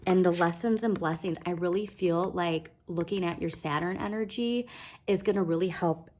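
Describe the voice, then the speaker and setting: A woman's voice: lowish voice, normal speed, darkish tone. A woman giving a casual tarot reading, encouraging her listeners and often checking in with "okay?". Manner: fillers and restarts. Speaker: tarot reader.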